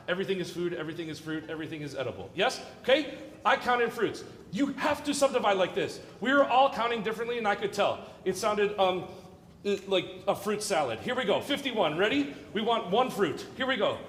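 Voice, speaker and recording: A man's voice: high voice, sing-song, a little fast, fairly bright tone. A man coaching a student orchestra in rehearsal, joking and counting and singing rhythms aloud. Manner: playful, jokey, counts and sings rhythms aloud. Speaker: guest orchestra clinician. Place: large hall with student orchestra. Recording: echoey hall, orchestra playing, from a distance. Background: orchestra music.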